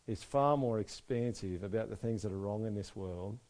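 A man preaching a sermon, moving between soft, quiet stretches and loud, emphatic passages. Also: on the low side, normal speed. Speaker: pastor.

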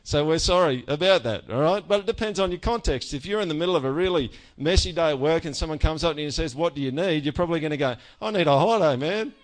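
A man's voice: on the high side, quick pace, hardly any pauses. A man preaching a sermon in a conversational way, often checking in with "all right?" and joking about himself. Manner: animated with self-mocking humor. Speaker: pastor.

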